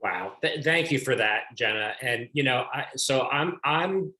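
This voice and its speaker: A man's voice: medium pitch, measured pace, bright, forceful tone. Rambling male host in a roomy room. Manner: rambling, many restarts. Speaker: host of an author series. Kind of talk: interview questions. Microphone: video call. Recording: roomy echo.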